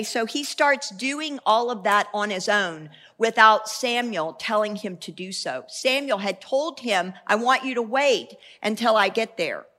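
Bright-voiced woman preaching, animated. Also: a little high. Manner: conversational, animated storytelling with asides and restarts. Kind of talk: sermon.

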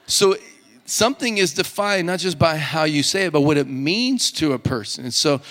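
A male pastor preaching a sermon to his congregation in a relaxed, joking, conversational way. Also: on the high side, normal speed. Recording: long hall reverb.

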